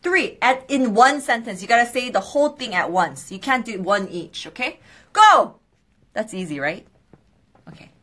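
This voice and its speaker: A young woman hosting a live skincare quiz stream, bubbly and excitable, with quick apologetic asides. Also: on the high side. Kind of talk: casual live-stream chat.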